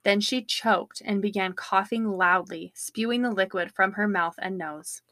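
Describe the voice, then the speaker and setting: A woman co-hosting a podcast, reading a true-crime book excerpt aloud in a steady, measured way on a close studio mic. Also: mid-range voice, dry recording. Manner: steady, measured storytelling read. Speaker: podcast co-host.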